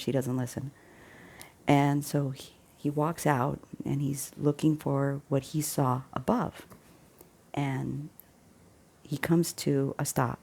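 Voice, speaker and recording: A woman with a low, dark, gravelly voice retells a film plot in a casual, animated way. She chuckles often and slips into hushed asides. Her tone stays husky and relaxed throughout. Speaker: faith channel host.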